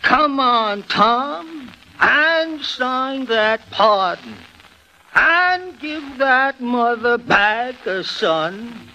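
A man impersonating an older attorney who pleads passionately, jumping between high and low register in a halting rhythm. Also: lively intonation, sharp tone, slight background noise, full character voice. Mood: pleading. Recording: dull old radio recording.

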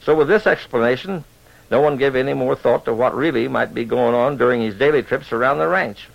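Folksy gravelly radio storyteller man. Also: mid-range voice, fairly quick. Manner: folksy cowboy drawl. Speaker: radio storyteller and show host. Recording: lo-fi old radio recording.

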